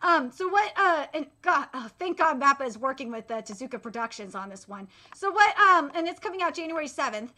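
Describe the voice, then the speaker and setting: A young woman hosting a casual anime and manga update vlog, gushing and excitable, swearing freely, full of fillers and restarts. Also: sits high, a little fast, hardly any pauses. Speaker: channel host.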